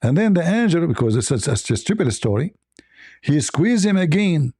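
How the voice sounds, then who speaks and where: A man hosting an online religious debate. He argues forcefully and mocks his opponent, laughing often and hammering his points with repeated rhetorical questions. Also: a little high, sing-song, normal speed, husky. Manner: argumentative, mocking, with frequent laughs. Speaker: debate host.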